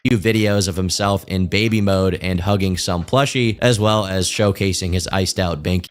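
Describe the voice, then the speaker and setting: Measured man narrating a commentary video. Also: low voice, steady tone. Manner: measured, matter-of-fact, lightly wry. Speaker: commentary channel host.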